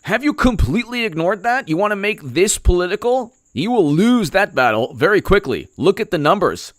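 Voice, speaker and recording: A man's voice: high-pitched, sing-song, normal speed, no room sound, studio quality. A male political commentator ranting in a sarcastic, mocking way, often laughing. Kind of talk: opinion vlog rant.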